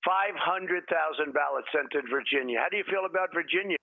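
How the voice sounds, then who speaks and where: A man's voice: fairly high pitch, brisk, vocal fry, phone-quality sound. A man in a phone interview played from a broadcast, rambling and repetitive in a dismissive way. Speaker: interviewee, politician.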